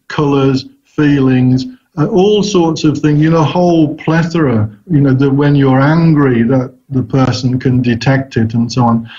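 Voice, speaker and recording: A man as an interview guest who talks about research thoughtfully, often pausing and restarting his sentences. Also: medium pitch, warm tone. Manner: thoughtful, hesitant, frequent restarts. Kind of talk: casual interview answers. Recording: dull lo-fi recording.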